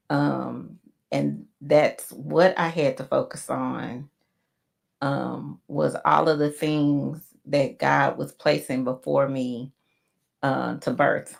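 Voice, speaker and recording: A woman co-hosting a podcast, giving a slow, reflective, faith-based closing message with many pauses. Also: sits low, fairly even intonation, vocal fry, darkish tone. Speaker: podcast co-host.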